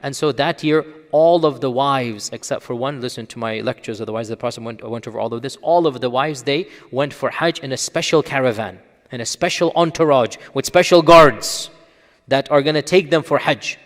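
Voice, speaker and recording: A man's voice: medium pitch, normal speed, fairly bright tone, in a large hall. A man, an Islamic scholar, giving an explanatory lecture, teaching earnestly and often asking rhetorical questions and checking in with listeners.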